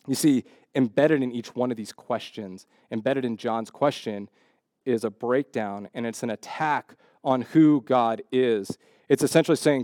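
A man's voice: mid-range voice, a little slow, a little mellow, no room sound, clean studio sound. A man preaching a sermon in a conversational way, often checking in with "right?" and acting out the voices in the stories he tells. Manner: acts out quoted voices in the stories.

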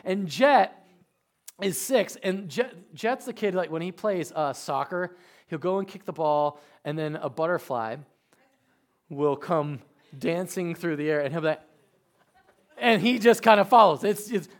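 A man, preaching a sermon with animated storytelling that swings from quiet to loud. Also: high-pitched. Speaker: pastor.

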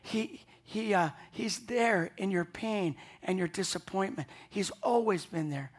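A man's voice: high-pitched, a little slow, husky. A man preaching an Easter morning sermon, earnest and emphatic, often repeating words as he builds a point. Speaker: pastor.

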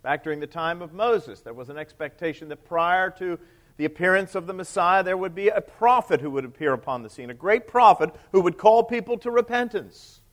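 A man, a priest, preaching a sermon in a conversational way, asking the congregation questions and dropping to a quiet low voice at the end of quoted lines. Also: expressive, fairly quick.

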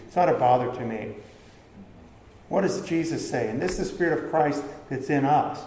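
A man's voice: mid-range voice, lively intonation, moderate pace, darkish tone, slight background noise. A man preaching a sermon in a conversational way, asking the listeners questions and answering them himself. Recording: echoey hall with faint background ambience.

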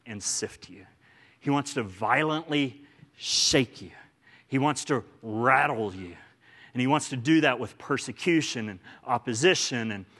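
In church, a male pastor with an Oklahoma accent gives a sermon in a medium-pitched, fairly bright voice. He stays earnest and forceful throughout, repeating phrases again and again to drive points home.

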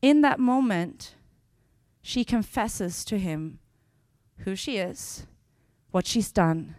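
A woman preaching a sermon, telling Bible scenes with lively voices and slowing down on key phrases. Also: mid-range voice, dry recording, studio quality. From Sweden. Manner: expressive, acts out scenes with sudden loud bursts.

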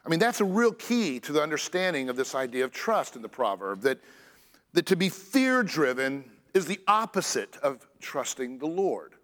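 Earnest male preacher in an echoey hall. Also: a little high. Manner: earnest, lively preaching with stressed phrases and pauses. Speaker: pastor. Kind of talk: sermon.

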